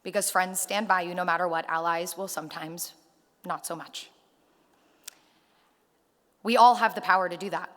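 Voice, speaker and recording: A woman giving a rally speech, telling stories and acting out the dialogue with lively energy. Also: lowish voice, normal speed, pauses often. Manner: animated storyteller acting out dialogue. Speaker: rally speaker. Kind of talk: public speech with storytelling. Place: synagogue hall at a rally. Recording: reverberant hall.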